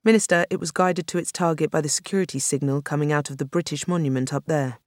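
A man's voice: a little high, fairly even intonation, quick pace, no room sound, close to an everyday voice. A reader playing a tired fifty-ish police commander, grave and matter-of-fact. He delivers bad news plainly. The sound is dry and close. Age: 50s. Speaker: police superintendent.

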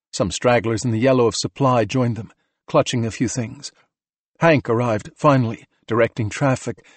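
A man narrating an audiobook in a steady, measured reading voice. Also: medium pitch, no echo. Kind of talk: scripted narration.

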